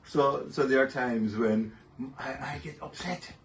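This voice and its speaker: A man's voice: mid-range voice, measured pace. An older man, a guest in an interview, chatting and telling family stories and laughing often. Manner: warm storytelling, laughs often. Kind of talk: casual interview talk. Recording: distant mic with faint noise.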